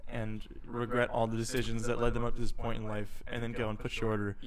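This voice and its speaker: A man's voice: medium pitch, quick pace. A young man co-hosting a casual comedic podcast, ranting in a mock-serious way. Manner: animated, mock-serious rants. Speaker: podcast co-host.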